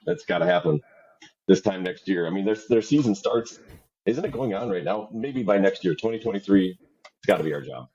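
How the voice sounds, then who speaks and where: A man's voice: deep voice, expressive, brisk, dark tone. A middle-aged man from Wisconsin co-hosting a sports parenting podcast, agreeable and hesitant, with many fillers. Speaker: podcast co-host. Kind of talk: casual chat. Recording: slightly dull lo-fi sound.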